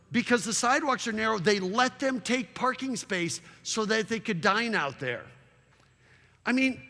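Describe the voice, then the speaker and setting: A man giving a public slide presentation as a town consultant, animated and full of rhetorical questions. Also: very high-pitched. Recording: long reverb of a large hall.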